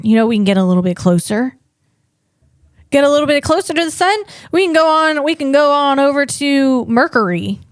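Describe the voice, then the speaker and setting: A woman's voice: a little high, smooth, no room sound, studio quality. A woman comedian hosting a solo podcast, reading facts and riffing playfully, stumbling on hard words.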